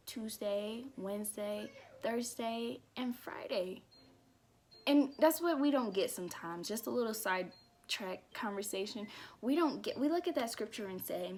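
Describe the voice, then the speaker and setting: A woman's voice: medium pitch, slight background noise. A young woman vlogging a heartfelt personal faith testimony, emotional and laughing now and then between thoughts.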